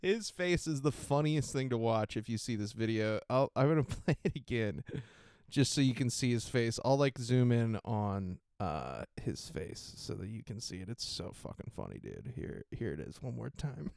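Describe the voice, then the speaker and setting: Male podcast host, giggly and profane, smooth voice, dry studio sound. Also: medium pitch, lively intonation, normal speed, a little mellow, no echo. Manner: giggly, profane, rambling with frequent laughter. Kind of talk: casual solo podcast chat.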